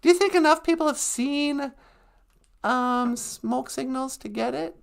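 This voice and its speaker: Woman, comedy podcast co-host, sarcastic banter, high voice, gravelly fry. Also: unhurried. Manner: sarcastic, joking.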